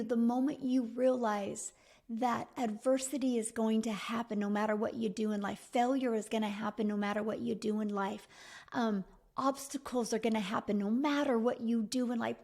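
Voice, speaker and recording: A woman's voice: fairly high pitch, normal speed, a little mellow. A middle-aged woman giving a motivational coaching talk as a business mentor, emphatic and repetitive, speaking straight to the listener.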